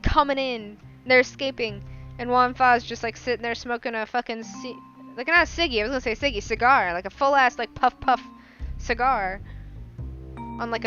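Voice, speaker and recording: A woman rambling through a casual book review podcast in a profane, animated way, recorded on a lo-fi home mic. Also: fairly high pitch. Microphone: non-professional mic. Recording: lo-fi home mic, faint music.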